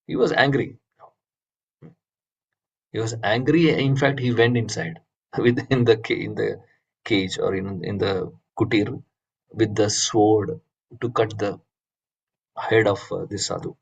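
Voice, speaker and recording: A man teaching a religious class who tells a story in a halting way, with many fillers and restarts. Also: medium pitch, creaky, slightly rough, rough recording. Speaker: spiritual teacher.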